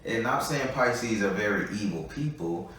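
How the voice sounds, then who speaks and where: This tarot reader has a lowish, somewhat bright voice, talks at a moderate pace, and is expressive. Doing a live reading, he chats bluntly with plenty of profanity. The echoey room and his distance from the mic come through.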